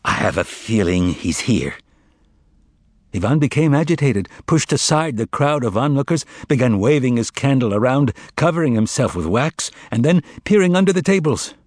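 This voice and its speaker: Male audiobook narrator, lively expressive reading, dry close sound. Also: mid-range voice, a little fast, few pauses, no room sound.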